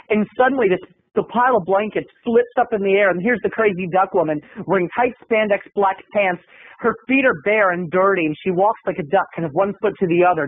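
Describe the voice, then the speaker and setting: High-voiced man telling a story. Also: breathy edge, dry recording. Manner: animated, dramatic, self-mocking. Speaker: video blogger. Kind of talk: comic storytelling vlog. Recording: tinny lo-fi phone-like sound.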